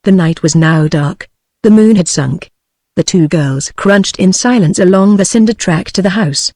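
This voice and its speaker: A synthetic text-to-speech voice narrating an audiobook in an even, mechanical reading. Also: medium pitch, a little slow, dry recording.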